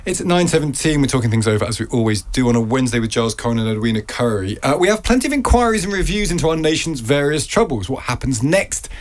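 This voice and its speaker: A man hosting a breakfast radio show, chatting with guests in a measured, easy way. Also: mid-range voice, sing-song. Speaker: radio host.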